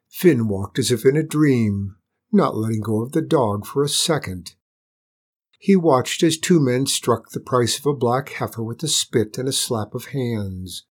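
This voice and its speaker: A man reading a storybook aloud in a calm, measured, gentle way. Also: medium pitch, slightly rough. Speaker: narrator.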